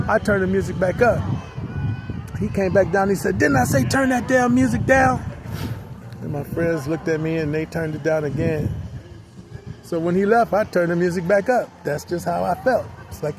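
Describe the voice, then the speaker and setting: A middle-aged man casually telling a story, acting out the other people in it. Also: sits high. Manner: lively, acts out other people's voices in quotes. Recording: outdoor street noise with passing vehicles.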